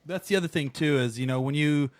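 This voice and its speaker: A man's voice: on the high side, quick pace, dry recording. Man, podcast co-host, playful, storytelling, dry close sound. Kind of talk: casual podcast chat.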